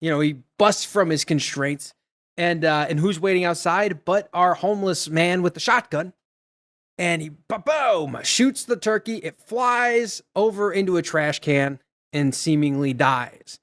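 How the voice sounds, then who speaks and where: A man on a podcast, retelling a film scene by scene in a loose, rambling way. His voice sits a little high for a man. He drops into quoted lines and laughs often. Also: measured pace, fairly bright tone. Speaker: podcast host. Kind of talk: casual movie recap chat.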